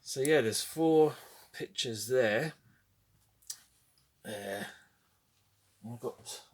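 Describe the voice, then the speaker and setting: A man's voice: medium pitch, extremely slow. A man in his forties from Britain, chatting casually and wryly about his film memorabilia, rambling and correcting himself as he goes. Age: 40s. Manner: rambling, self-correcting, wry. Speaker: collector showing memorabilia. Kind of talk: casual chat.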